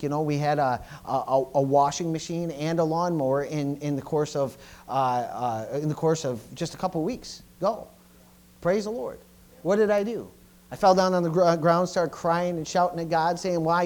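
A middle-aged man preaches from the pulpit in a voice pitched a little higher than most men's. He stumbles and repeats words as he goes, swinging from loud bursts to quiet asides. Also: normal speed. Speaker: pastor. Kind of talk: sermon.

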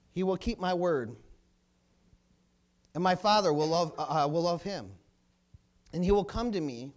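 High-voiced loud fiery male preacher. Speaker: pastor. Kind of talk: sermon. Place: church.

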